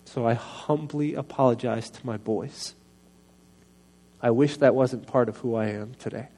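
A middle-aged man preaching a personal testimony sermon into a microphone, earnest and confessional, often soft-spoken. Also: medium pitch, steady tone, a little slow.

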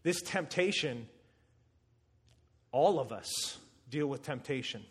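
A man preaching a sermon, telling stories with animation and acting out quotes with sudden shouts. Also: medium pitch, takes it slowly, husky. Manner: animated storytelling, acts out quotes with loud shouts.

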